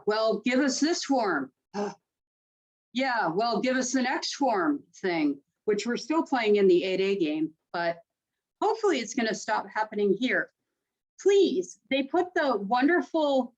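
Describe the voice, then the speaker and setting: Woman on a video call webinar, jokey and animated, kinda muffled audio. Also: fairly high pitch. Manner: chatty, joking, animated asides. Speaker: SBA presenter. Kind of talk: webinar presentation.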